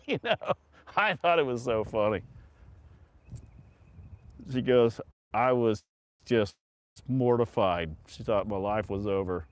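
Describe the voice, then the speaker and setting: A man's voice: mid-range voice, unhurried, pauses often, a little mellow, smooth. A middle-aged man hosting a casual livestream, telling a rambling story with frequent laughter and casual swearing. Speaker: livestream host.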